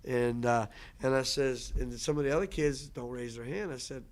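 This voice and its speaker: A man's voice: mid-range voice, fairly even intonation, fairly quick. A man who teaches language, speaking in a casual, earnest lecture style with frequent restarts and repetition. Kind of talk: casual lecture answering questions.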